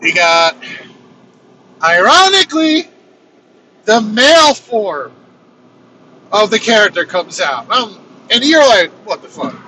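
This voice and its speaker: A man casually telling his own story on a road trip vlog, animated and swearing freely. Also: high voice, slow pace, pauses often, rough recording. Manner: animated, swears freely, acts out quoted lines. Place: inside a moving vehicle on a road trip. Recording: road noise from a moving vehicle.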